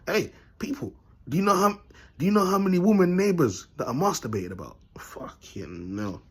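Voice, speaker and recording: Husky man rambling bluntly. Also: high voice, big pitch swings, normal speed. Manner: rambling and blunt, heavy street slang, laughs often. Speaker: vlogger. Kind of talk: casual monologue to camera.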